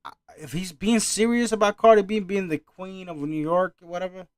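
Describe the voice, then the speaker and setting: A man's voice: high voice, a little fast, dry recording. A man ranting through a casual reaction commentary, annoyed and swearing often. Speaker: reaction streamer.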